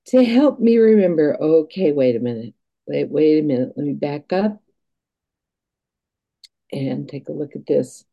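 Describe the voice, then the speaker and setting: A woman guest telling stories and reflecting, in an earnest, halting way with restarts. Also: sits low, creaky, warm tone, rough recording. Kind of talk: reflective storytelling.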